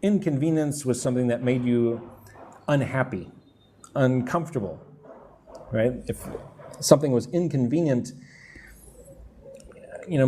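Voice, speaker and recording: This live English lesson is taught by a man living in Vietnam, his voice medium in pitch and dark in tone. He explains words slowly and checks in with the class while construction noise carries from near his room.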